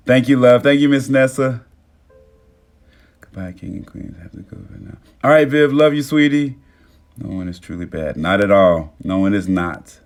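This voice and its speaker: Gravelly low-voiced man on a live stream. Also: normal speed. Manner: warm, affirming, talks about love and manifesting; excitable bursts with stumbling restarts. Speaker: TikTok live host. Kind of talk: casual live-stream chat reading comments. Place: at home. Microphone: phone. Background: soft music playing.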